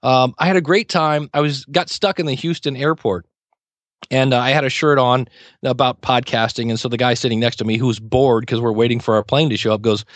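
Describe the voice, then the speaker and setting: A middle-aged man talks casually as a podcast guest, spinning anecdotes and playing out little dialogues as he goes. His voice sits at an ordinary pitch. The sound is dry and close, with no room around it. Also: quick pace, no echo. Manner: chatty storyteller, acts out quoted exchanges. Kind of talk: casual interview talk.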